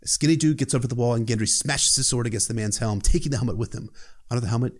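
A man's voice: mid-range voice, rapid-fire. A man casually recapping a book chapter as a podcast host, irreverent and profane, with joking asides.

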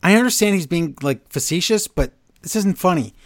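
A man's voice: sits high, expressive, a little fast, no echo, studio quality. A man co-hosting a podcast, recapping wrestling in casual chat with sarcastic, exasperated asides. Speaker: podcast co-host.

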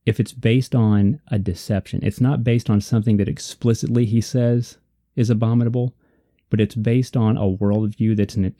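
Earnest man with a dark, mellow voice. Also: on the low side, no room sound, clean studio sound. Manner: earnest, reflective, repeats for emphasis. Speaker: podcast co-host. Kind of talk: casual faith discussion.

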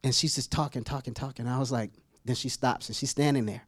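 A man preaching a humorous storytelling sermon as pastor, acting out scenes with sudden high squeals and laughter. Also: a little fast, no room sound. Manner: animated, acts out voices with sudden high-pitched squeals and laughs.

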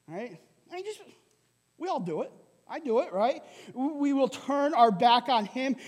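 A male pastor preaching a sermon in a lively way, often asking "right?" and laughing. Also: very high voice, in a large hall. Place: church hall.

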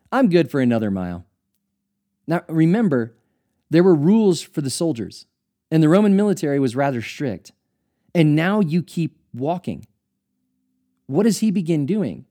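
Male teacher-pastor, mellow low-brightness voice, earnest and explanatory, uses rhetorical questions. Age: adult, studied at seminary. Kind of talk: teaching talk on scripture.

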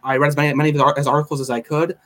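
A man calling in to a podcast from his own room, talking in a casual, halting way with many fillers and restarts. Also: on the high side, flat delivery, over music. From California. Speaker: caller. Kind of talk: casual podcast call-in chat.

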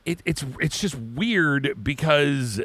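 Rambling podcast man with bright lively voice. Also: on the high side, slow pace, no echo. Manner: rambling, crude joking, frequent restarts. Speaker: podcast co-host. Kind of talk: casual chat.

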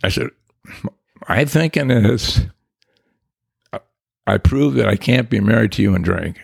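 An older man telling his recovery story in a rambling, reflective way, with restarts and soft chuckles. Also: lowish voice, animated, measured pace, creaky, breathy edge, no echo, studio quality. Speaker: guest. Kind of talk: personal recovery story, conversational.

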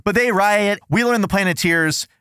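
A man hosting a podcast, riffing in animated, sarcastic chat. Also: high voice, moderate pace, clean tone, no room sound, clean studio sound. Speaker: podcast host. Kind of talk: casual comedic chat.

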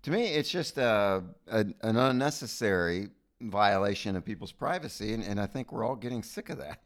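American male podcast host, lowish voice, halting, opinionated chat. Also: lively intonation. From United States. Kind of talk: casual chat.

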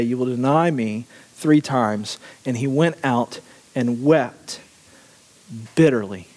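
Preacher guy with a high voice, lots of questions to the room, big echoey church. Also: darkish tone. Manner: asks the congregation questions, laughs often. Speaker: pastor. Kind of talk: sermon.

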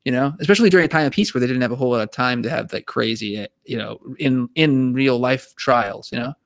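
A man co-hosting a casual podcast discussion, animated and talking in quick restarts and repeated words. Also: mid-range voice, vocal fry, dry recording. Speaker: podcast co-host.

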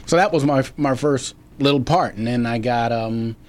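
Halting, rambling man telling stories. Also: medium pitch. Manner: rambling, halting, many restarts. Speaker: actor guest. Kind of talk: casual interview storytelling.

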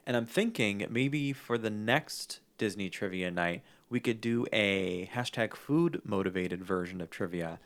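A man's voice: lowish voice, unhurried, hardly any pauses. A man hosting a podcast in casual chat, easygoing and a little rambling, with chuckles. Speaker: podcast host.

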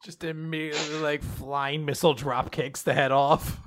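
A man's voice: on the high side, flat delivery, normal speed, a bit bright, dry recording, clean studio sound. A man co-hosting a casual chat, laid-back with brief interjections. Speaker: podcast co-host.

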